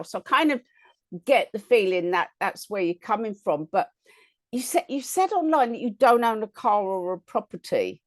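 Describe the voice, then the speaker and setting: A woman's voice: mid-range voice, lively intonation, normal speed, no room sound. A woman hosting an interview in casual chat, telling anecdotes and asking eager questions. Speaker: host.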